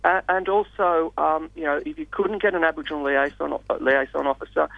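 A man speaking as a radio guest in a measured, hesitant way with many fillers. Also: fairly high pitch, fairly even intonation, vocal fry, dry recording. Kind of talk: radio interview. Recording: dull lo-fi radio sound, dry.

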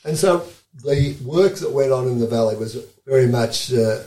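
A man conducts an interview in a room that echoes. He speaks at an average pitch and puts long questions to his guest, stopping to explain background for the audience. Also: normal speed, mellow. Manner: prompting, explains context for listeners. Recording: roomy echo.

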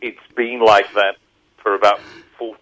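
A man in his fifties with an Australian accent, a radio guest who tells stories in an animated way. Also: fairly low pitch, a little slow, rough recording. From Rockhampton, Queensland, Australia. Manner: animated storyteller. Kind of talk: casual radio interview.

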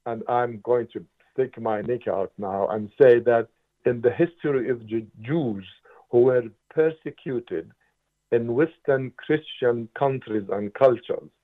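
An emphatic man in his seventies, originally from Palestine, speaks as a radio interview guest. His voice sits at a middling pitch. The sound is narrow and tinny, like a phone line. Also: measured pace. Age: 70s. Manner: impassioned, emphatic, occasional restarts. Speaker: interview guest, writer and political analyst.

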